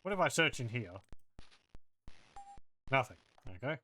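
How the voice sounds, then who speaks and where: A man's voice: medium pitch, sing-song, measured pace, pushed and bright. A man playing through a retro role-playing game, thinking aloud and reading out game text and combat results. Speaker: let's play host. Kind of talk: casual gameplay commentary.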